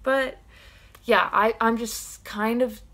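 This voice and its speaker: A young woman vlogger giving her film opinions in a casual, excited, rambling way. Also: a little high, slow.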